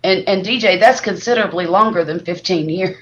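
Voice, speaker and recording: A middle-aged woman, hosting a live stream and telling stories in a lively, exaggerating way. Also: lowish voice, brisk, lo-fi sound, slight background noise. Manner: animated, exaggerating storyteller. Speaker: livestream host. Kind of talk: casual storytelling chat.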